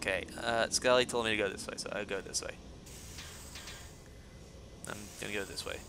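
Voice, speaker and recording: A man commenting on his own gameplay, excitable and joking, swearing often and taunting the enemies. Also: fairly low pitch, moderate pace, vocal fry, background noise. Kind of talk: let's play commentary.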